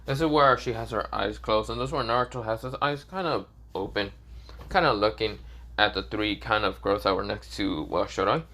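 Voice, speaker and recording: A man's voice: lowish voice, moderate pace, sharp tone. A man improvising a fan-fiction anime story, rambling with lots of fillers and restarts. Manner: rambling, filler-heavy, repeats "this is where".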